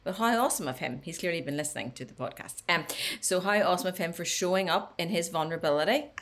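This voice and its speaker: A woman talking on a podcast, giving animated advice and coaching the host, sometimes dropping to a near whisper. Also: lowish voice, fast. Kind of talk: casual podcast chat.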